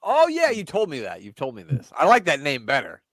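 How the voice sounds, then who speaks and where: A man's voice: on the high side, huge pitch swings, a little fast, a bit bright, dry recording. A man co-hosting a podcast, chatting casually and joking while commenting on an old wrestling show. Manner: jokey, playful, laughs often. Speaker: podcast co-host.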